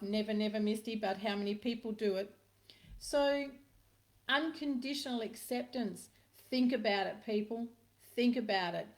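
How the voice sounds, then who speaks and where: Chatty middle-aged woman spiritual healer. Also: medium pitch. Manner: chatty storyteller, addresses viewers by name, emphatic repetitions. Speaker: spiritual healer hosting a live stream. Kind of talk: casual live-stream talk answering viewer comments.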